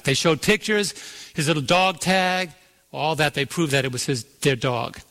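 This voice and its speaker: A man's voice: fairly high pitch, normal speed, bright, forceful tone. A man preaching a sermon, telling a story and drawing out key words, asking the congregation to fill in answers. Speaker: pastor. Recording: long reverb of a large hall.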